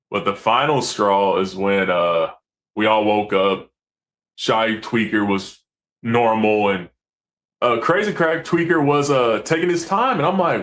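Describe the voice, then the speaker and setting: A man, a commercial fisherman, telling stories in a casual, animated way, acting out quotes and swearing freely. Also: fairly low pitch, measured pace. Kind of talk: casual storytelling.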